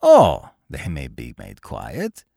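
A man voicing a middle-aged male baron, loud, excitable and hearty. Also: a bass voice, slow, vocal fry, dry recording, clean studio sound, voice pushed down, exaggerated voice. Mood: tickled.

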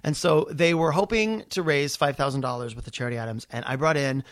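A male comedian tells a story in casual chat, racing along and swearing freely. He jumps into the voices of the people he quotes. His voice sits a little high and sounds close and dry, with no room echo. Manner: fast, animated, profane, acts out quotes.

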